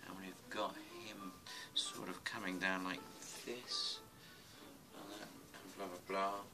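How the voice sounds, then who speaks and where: A low, gravelly man talks himself through a casual drawing tutorial, muttering half to himself as he sketches. Music plays clearly underneath his voice. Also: flat delivery, slow, rough recording. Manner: mutters to himself while working, rambling.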